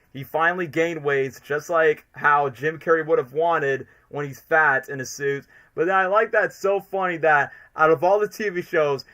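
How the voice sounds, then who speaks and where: A man hosting a livestream, talking in an excitable, rambling way as an eager fan. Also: on the high side. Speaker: streamer host. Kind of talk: casual livestream commentary.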